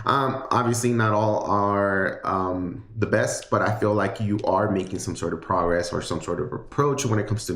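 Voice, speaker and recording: A man's voice: low voice, reverberant. A man giving a casual livestream tarot reading, chatty and rambling with many fillers and restarts. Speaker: tarot reader.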